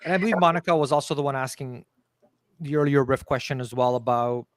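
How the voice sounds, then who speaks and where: A man's voice: mid-range voice, fairly even intonation, fast talker, no room sound. A man from Canada hosting a podcast, posing long, carefully worded questions. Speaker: podcast host. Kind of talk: interview questions.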